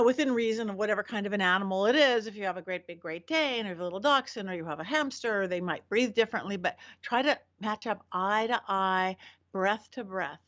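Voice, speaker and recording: A woman hosting a podcast, giving a casual spoken lesson with lively, swooping emphasis and frequent self-corrections. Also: medium pitch, lo-fi sound. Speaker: podcast host teaching magic.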